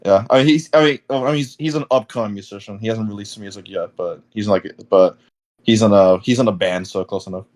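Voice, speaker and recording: A man's voice: fairly low pitch, brisk, a little mellow. A young man hosting a casual podcast interview, rambling with many fillers and restarts. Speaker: podcast host.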